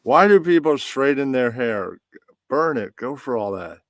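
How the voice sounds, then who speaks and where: A man with a very deep voice hosting a casual pre-stream chat, rambling and relaxed while he sets up. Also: measured pace, dry recording. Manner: relaxed, rambling, talks to himself while setting up. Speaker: podcast host.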